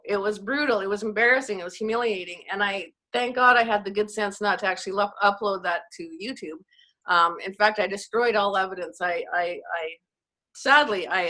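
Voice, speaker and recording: A woman's voice: mid-range voice, a little fast, sharp tone. A Canadian woman, a network marketing coach, telling self-mocking stories in a casual chat on a video call. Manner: chatty, self-mocking storyteller.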